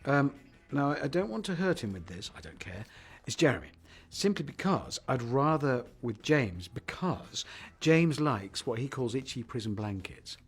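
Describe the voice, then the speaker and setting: Male TV presenter, mid-pitched, a bit husky, very lively intonation, jokey teasing interview answers. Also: moderate pace, few pauses, soft background music. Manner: jokey, teasing, playful asides. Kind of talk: casual press interview.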